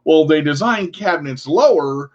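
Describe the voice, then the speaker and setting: Animated man co-hosting a lo-fi show. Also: on the high side, moderate pace. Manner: animated, acts out funny voices in his stories. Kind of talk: casual chat. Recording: dull lo-fi radio show audio.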